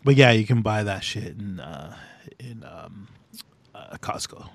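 Slow, rambling man with lively pitch. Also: vocal fry, dry recording. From Canada. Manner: meandering, swears often, many fillers. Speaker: podcast co-host. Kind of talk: casual chat.

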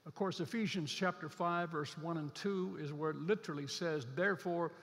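A man preaching a sermon as a pastor, earnest, slowing down and stretching key scripture words to drive them home. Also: on the high side, fairly bright tone, long reverb tail.

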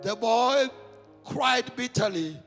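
A man preaching a sermon as pastor, shouting his points and switching between languages. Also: extremely high pitch, animated, slow pace, long reverb tail, soft background music. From South Africa.

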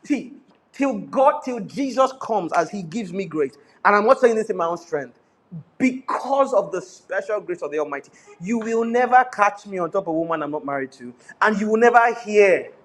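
A middle-aged pastor from Nigeria gives a lively sermon at a moderate pace, his fairly high voice carrying a strong Nigerian accent. Pidgin phrases creep in, and he laughs often between points.

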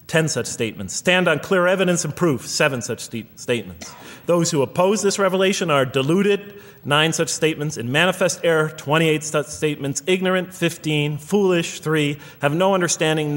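A man's voice: fairly high pitch, a bit bright. A man giving a public lecture, earnest and rhetorical, counting off points one by one. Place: lecture hall. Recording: lecture hall with long reverb.

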